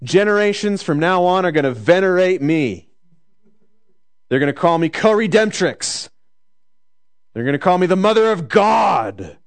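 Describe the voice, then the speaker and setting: A man's voice: high-pitched, unhurried, smooth, voice pushed up. A man putting on the voice of a giddy, boastful young pregnant woman, gushing and bragging.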